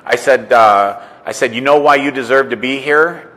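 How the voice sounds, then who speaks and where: A man speaks in a casual storytelling monologue, repeating "I said" often as he acts out conversations. His voice is bright and forceful, with a long reverb trailing behind it. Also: medium pitch, moderate pace. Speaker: entrepreneur and coach.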